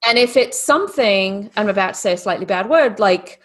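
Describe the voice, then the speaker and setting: Husky woman with a mixed British-Texan accent. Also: mid-range voice, brisk, hardly any pauses. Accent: mixed British and Texan, sounds Australian. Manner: lively, animated storytelling with put-on voices. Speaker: podcast guest. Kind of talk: casual podcast interview.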